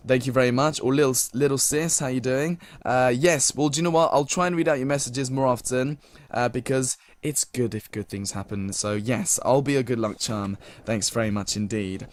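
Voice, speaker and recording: A man's voice: mid-range voice, moderate pace, no echo. A young British man as a radio DJ, reading listener messages in a polite, casual way with many fillers. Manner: polite, filler-heavy, many thank-yous.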